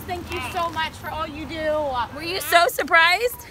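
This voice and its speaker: Super high-pitched mom gushing outside, phone video, lots of street noise. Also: female voice, measured pace. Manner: gushing, exclaiming over and over. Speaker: mother filming her son's birthday surprise. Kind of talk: home video, excited chatter. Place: outdoors by a street in front of a home. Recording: noisy outdoor phone video.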